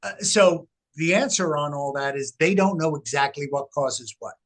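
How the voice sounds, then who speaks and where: A middle-aged man, a researcher, telling his story in an interview with animated, emphatic delivery. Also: a little high, moderate pace. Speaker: guest, researcher. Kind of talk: casual interview talk.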